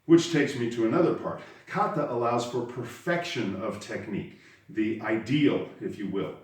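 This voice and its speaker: Man, karate instructor, lowish voice, explanatory lesson, very echoey room, distant from the mic. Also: normal speed. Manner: explanatory, stresses words while demonstrating. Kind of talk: spoken lesson.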